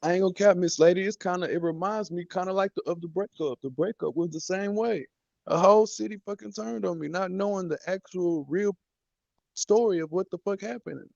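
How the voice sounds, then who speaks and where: A man's voice: sits high, fairly quick, vocal fry, darkish tone, dry recording, highs cut off. A man, a guest, talking emotionally and defensively, cursing and fighting back tears. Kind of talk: emotional call-in talk.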